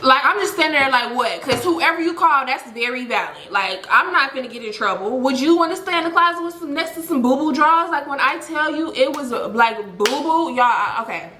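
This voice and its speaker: High-voiced woman storyteller, dramatic and chatty, with a bright tone. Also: brisk, few pauses, a little hiss or hum. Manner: animated, dramatic retelling with lots of "like". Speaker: storytelling vlogger. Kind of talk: casual storytime. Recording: echoey room.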